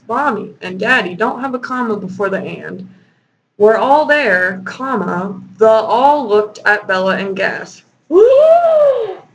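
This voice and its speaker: A woman's voice: medium pitch, a bit bright. A woman hosting a sarcastic fanfiction reading and critique. She swears freely and laughs often. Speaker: host. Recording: dull lo-fi home recording with faint noise.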